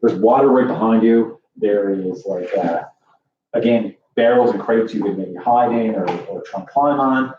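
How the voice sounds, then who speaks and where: A man's voice: lowish voice, normal speed. A man running a tabletop game as dungeon master, narrating casually with lots of fillers. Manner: rambling, many fillers and "like". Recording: distant echoey lo-fi room mic with faint hiss.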